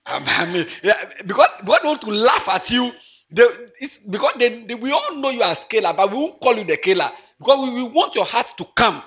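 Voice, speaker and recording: Pastor guy, high voice, super lively, laughing and hollering then going quiet. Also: a little fast, hardly any pauses. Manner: animated and playful, laughing often, swings from loud exclamations to quiet asides. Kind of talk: lively sermon.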